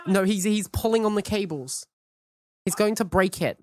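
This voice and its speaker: A woman's voice: medium pitch, normal speed. A woman streaming from home, chatting in a hyperactive, cheeky way and swearing freely. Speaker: VTuber streamer. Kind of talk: casual live-stream chat.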